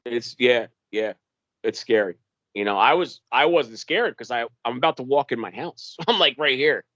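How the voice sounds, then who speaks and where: A young man from New York telling a wilderness story in an animated way, acting out the voices of the people in it and using lots of fillers. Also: medium pitch, normal speed, no room sound. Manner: animated, acts out quoted dialogue in a raised voice, many fillers. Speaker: guest telling his encounter. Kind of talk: casual storytelling interview.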